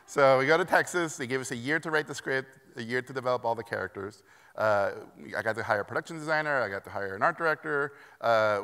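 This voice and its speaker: A middle-aged man from Mexico delivers a keynote in a large hall, his bright, crisp voice carrying a long reverb. He tells stories in an animated, self-deprecating way and acts out the voices of the people in them. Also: mid-range voice. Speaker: keynote speaker. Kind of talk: conference keynote storytelling. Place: conference hall.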